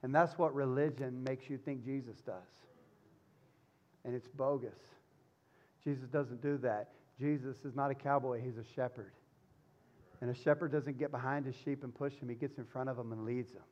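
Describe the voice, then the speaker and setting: A man preaching a sermon as pastor, swinging from loud urgency to hushed tenderness. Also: mid-range voice, steady tone, moderate pace, highs cut off.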